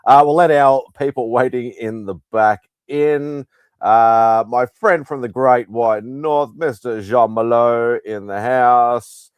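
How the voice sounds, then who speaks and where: A man hosting a live pop-culture hangout stream, greeting viewers by name in a relaxed, chuckling way. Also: mid-range voice, slow pace, clear, resonant tone, no echo. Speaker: host. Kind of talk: casual live-stream chat.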